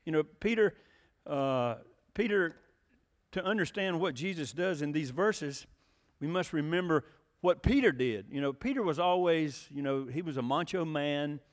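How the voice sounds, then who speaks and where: A man's voice: fairly high pitch, normal speed, in a large hall. Folksy preacher, man. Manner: folksy storytelling with frequent fillers and questions to the congregation. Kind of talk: sermon.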